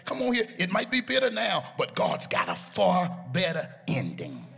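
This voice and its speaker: A man preaching a sermon in a chanting, sing-song style, his voice rising into shouts at its peaks. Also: sits high, huge pitch swings, moderate pace, creaky, husky. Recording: echoey hall with music behind.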